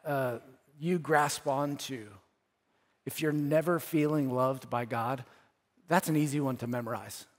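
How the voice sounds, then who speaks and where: A man preaching a sermon as pastor, earnest, repeating phrases, rising to emphatic peaks and dropping to soft, quiet lines. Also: fairly high pitch. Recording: church hall with long reverb.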